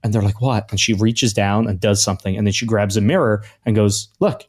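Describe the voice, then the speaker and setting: With a fairly low, somewhat breathy voice, a man talks fairly quickly as co-host of a comedy podcast. He's an animated storyteller, sharing anecdotes in casual chat and performing the quoted voices of the people in them.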